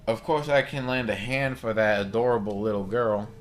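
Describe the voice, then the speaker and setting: A man's voice: fairly low pitch, normal speed, natural voice. A man voicing a sassy, motherly middle-aged woman barkeeper with an attempted Southern accent, drawling and calling the listener honey.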